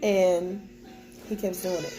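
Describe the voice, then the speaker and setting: A woman's voice: on the low side, flat delivery, slow pace, music in the background. Young woman telling a candid story. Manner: candid, plain-spoken retelling with quoted dialogue. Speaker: vlogger. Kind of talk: storytime to camera. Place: at home with children nearby.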